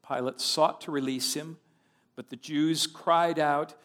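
Brief: male Bible teacher, unhurried and deliberate, explains as he reads. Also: fairly high pitch, steady tone, fairly bright tone.

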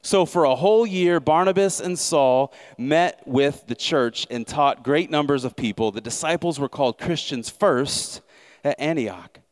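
A man's voice: a little high, unhurried. A male pastor preaching a sermon in a conversational way, with sarcastic asides and frequent self-corrections.

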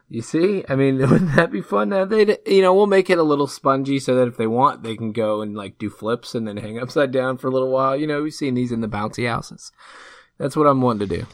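A man's voice: mid-range voice, no echo, clean studio sound. A man co-hosting a casual podcast, chatty and joking, often trailing off and restarting his sentences. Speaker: podcast co-host. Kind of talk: casual chat.

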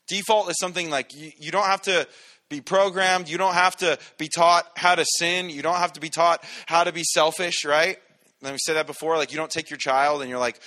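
A man's voice: a little high, fairly quick, bright, forceful tone. A male pastor, preaching in a casual, conversational way and playfully acting out little voices to make his points. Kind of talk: casual sermon. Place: church sanctuary.

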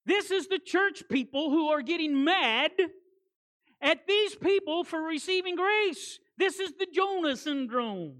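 A woman preaching a sermon as guest preacher, animated, repeating words for emphasis, with conversational folksy asides. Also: very high voice, measured pace.

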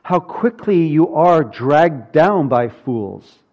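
A man's voice: fairly high pitch, lively intonation, slow pace, highs cut off. A man preaching a sermon from the pulpit, earnest and building to emphatic peaks. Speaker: pastor.

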